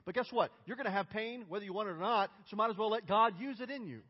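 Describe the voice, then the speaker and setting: A man preaching a sermon as pastor, emphatic and building to loud outcries. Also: high-pitched, fast talker, husky. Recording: dull, reverberant church hall.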